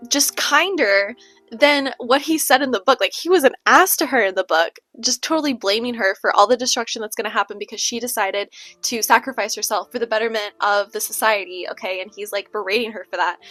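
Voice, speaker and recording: A woman's voice: on the high side, a bit bright. A woman talking casually in a book vlog, chatty, with many fillers and asides like "okay?". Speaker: book vlogger. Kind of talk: casual chat. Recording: faint music under the voice.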